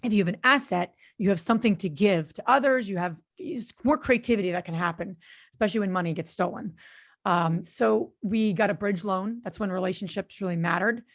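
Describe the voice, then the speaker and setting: A woman's voice: medium pitch, fairly quick, gravelly. A woman co-hosting a podcast, telling a story in casual conversation with an earnest manner and many fillers and restarts. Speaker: podcast co-host and real estate investor.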